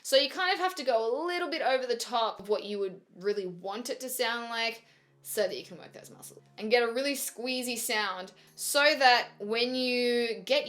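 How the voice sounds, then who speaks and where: A woman's voice: on the high side, fairly bright tone. A young woman teaching singing in a chatty, upbeat vlog, breaking off to demonstrate sung exercises. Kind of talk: vocal lesson vlog.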